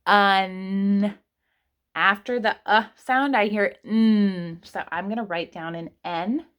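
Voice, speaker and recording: A woman's voice: medium pitch, dull audio. A woman teaching kindergartners online, patiently stretching words out sound by sound. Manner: patient, speaks slowly to children. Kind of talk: online lesson for young children.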